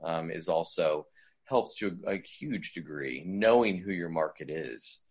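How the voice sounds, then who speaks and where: A man's voice: deep voice, expressive, unhurried, a little mellow, husky. A man speaking as a guest voice coach, giving conversational advice in a loose, rambling way with many fillers and restarts.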